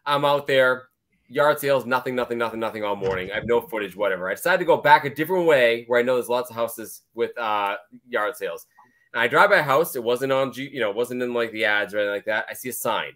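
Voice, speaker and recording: Man, host, casual chat, mid-pitched voice, animated storyteller. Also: quick pace. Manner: animated storyteller, acts out dialogue.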